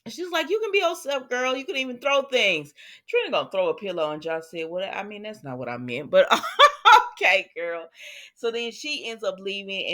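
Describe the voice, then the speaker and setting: Casting: woman, soap recap host, chatty and animated, a touch low-pitched. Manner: chatty, animated retelling with asides to viewers. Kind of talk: casual recap chat.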